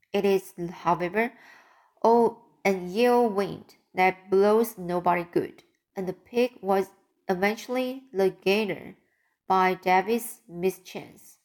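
A woman's voice: medium pitch, darkish tone. A woman reading a classic novel aloud as an audiobook. She often stops and restarts words. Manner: careful, with frequent restarts of words. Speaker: audiobook reader. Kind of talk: audiobook narration.

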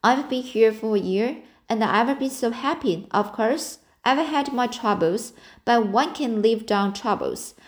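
A woman's voice: fairly high pitch, unhurried, lightly acted. A woman reading the part of a dreamy, talkative orphan girl in an audiobook, in an earnest, romantic and breathless manner.

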